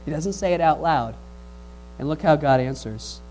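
A man preaching a sermon, reading scripture aloud and putting questions to the congregation in an animated way. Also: a little high, moderate pace, rough recording.

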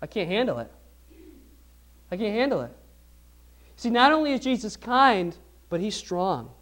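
A man's voice: sits high, big pitch swings, a little slow, fairly bright tone. A man preaching a sermon as pastor, asking the congregation questions and repeating phrases for emphasis.

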